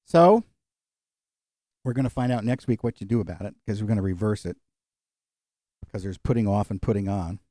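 A middle-aged man preaching in a mellow, warm voice. He is folksy and animated, with jokes and acted-out asides. The recording is dry and close. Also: fairly low pitch, normal speed, long pauses, dry recording. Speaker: pastor. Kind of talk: sermon with closing prayer.

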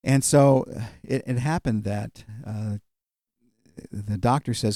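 Mellow-voiced male preacher, dry sound. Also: fairly low pitch, slow, no room sound. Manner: conversational storytelling, many fillers. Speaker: pastor. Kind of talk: sermon.

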